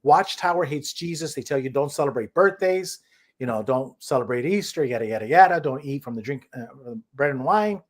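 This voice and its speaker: A man's voice: mid-range voice, expressive, fairly quick. A man co-hosting a casual online chat show, talking in a heated, emphatic way and often repeating himself. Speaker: co-host.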